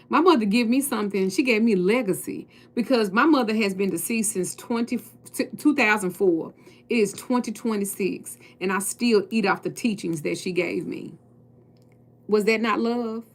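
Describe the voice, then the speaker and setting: A woman's voice: medium pitch, normal speed. A woman tarot reader and spiritual coach speaking casually and bluntly to her viewers, preaching and swearing freely.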